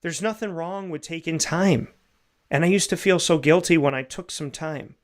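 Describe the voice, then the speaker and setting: A male show host giving an earnest, repetitive spoken reflection on faith, building to animated bursts. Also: fairly high pitch, moderate pace.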